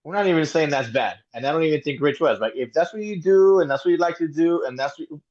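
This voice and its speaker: Halting slangy man on dull audio. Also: on the high side, darkish tone. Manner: halting, many restarts, slangy. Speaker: podcast co-host. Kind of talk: casual chat. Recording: dull lo-fi sound.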